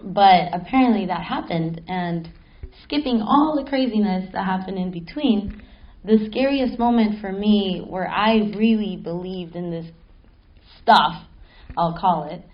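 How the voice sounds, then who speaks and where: Animated woman telling a spooky story. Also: mid-range voice, a little slow, muffled recording. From Mexico City. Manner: animated, laughing, swears casually. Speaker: panel guest. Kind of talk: live panel storytelling. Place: stage at a film festival panel.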